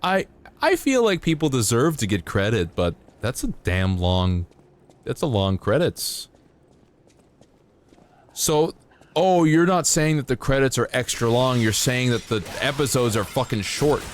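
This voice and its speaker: A man with a mid-range, sing-song voice streams a game live at a measured pace. He rambles casually and playfully, chatting with his viewers as he plays.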